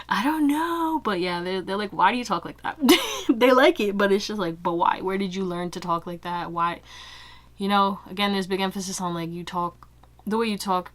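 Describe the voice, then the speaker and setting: Young female tarot reader, chatty and giggly, slightly low voice, casual talk to viewers. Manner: chatty, laughs often, many fillers like "like" and "you know". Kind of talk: casual pick-a-card tarot reading.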